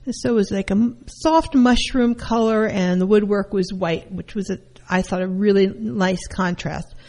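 A middle-aged woman giving an informal lesson on counseling, telling personal stories in a lively way. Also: mid-range voice, moderate pace. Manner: animated, acts out her mother's voice. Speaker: counselor teaching a class.

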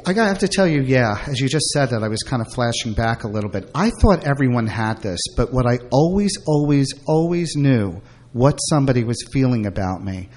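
A man's voice: mid-range voice, big pitch swings, fairly quick, hardly any pauses, a little mellow. Casting: middle-aged man, guest, rambling candid storyteller with lots of fillers. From Brooklyn. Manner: rambling, frequent fillers and restarts.

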